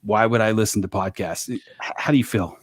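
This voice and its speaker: A man's voice: fairly low pitch, a little fast, breathy edge, dry recording, clean studio sound. A man on a podcast panel, raising a blunt question with some hesitation. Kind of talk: casual panel chat.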